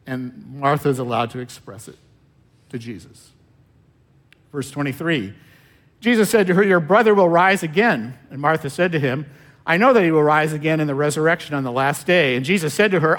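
A man preaching a sermon, reading scripture and explaining it in a slow, measured way with long pauses and phrase endings that trail off softly. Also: on the high side. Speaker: pastor.

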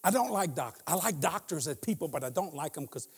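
An older man, a guest preacher, telling a humorous story in a sermon, chuckling and breaking into shouts. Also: fairly high pitch, a little fast, husky. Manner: animated, chuckling, bursts into shouts. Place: church sanctuary. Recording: reverberant church hall.

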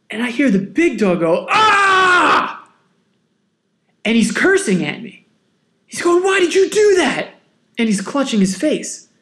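A man hosting a podcast, telling a personal story in a casual, animated, self-mocking way. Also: very high-pitched. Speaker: podcast host.

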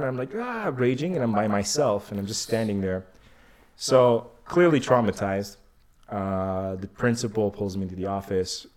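A man telling a story in casual chat, animated, swearing a lot and acting out the people in it. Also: on the low side. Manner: animated, swears a lot, acts out the voices in his stories. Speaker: podcast guest.

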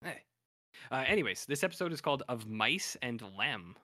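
A man's voice: mid-range voice, very animated, normal speed, pushed and bright, no room sound, clean studio sound. A man co-hosting a podcast in casual chat, animatedly retelling episodes and acting out what characters say. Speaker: podcast co-host.

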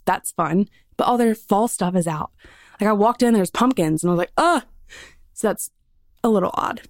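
A woman with a Southern US accent hosts her podcast solo, chatting bubbly and full of fillers into a studio mic. Her voice is mid-range and fairly quick, with no room sound at all.

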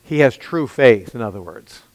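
A man's voice: mid-range voice, animated, moderate pace, a little mellow, no room sound, big-room sound, low-quality recording. A man preaching an expository sermon, emphatic and pressing his listeners with rhetorical questions. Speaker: pastor.

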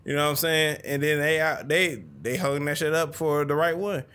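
A man in his thirties co-hosting a casual podcast. His voice is bright and has an edge to it. He talks in loose, profane banter and breaks into laughs often. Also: on the high side, fairly even intonation, a little fast, smooth. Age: 30s. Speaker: podcast co-host.

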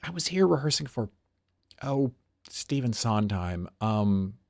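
A man's voice: medium pitch, big pitch swings, slow, vocal fry, no room sound, clean studio sound, exaggerated voice. A man reading out the lines of a gracious, self-mocking veteran female stage star, in a clipped, slightly smoky voice. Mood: warm teasing. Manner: clipped lockjawed voice, a little smoky.

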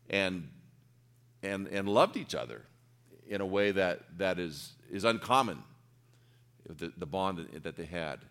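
A middle-aged man preaching a sermon, telling a personal story in an earnest, emotional way, dropping to near whispers and rising to loud peaks. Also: fairly low pitch.

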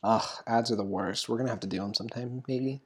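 Young host rambling thru their notes w lots of ums and giggles, mid pitch, super casual. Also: fast, husky. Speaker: podcast host. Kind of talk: casual chat.

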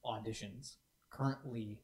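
A man's voice: on the low side, steady tone, unhurried, a loud crowd. A man co-hosting a community stream, talking casually and enthusiastically with many restarts. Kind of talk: casual chat. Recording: echoey room.

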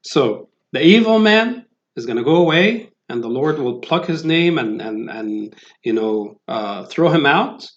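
A man's voice: fairly high pitch, animated, measured pace. A man giving a sermon, talking in a conversational way with many fillers and restarts. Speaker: preacher. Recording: roomy, dull lo-fi sound.

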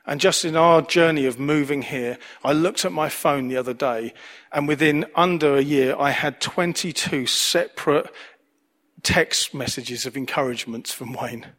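A man's voice: mid-range voice, fairly bright tone. A man preaching a sermon as pastor, earnest, repeating key phrases for emphasis.

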